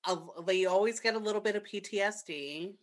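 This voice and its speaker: A young woman co-hosting a podcast, telling a personal story in casual chat, candid and swearing freely with quick asides. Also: mid-range voice. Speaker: podcast co-host.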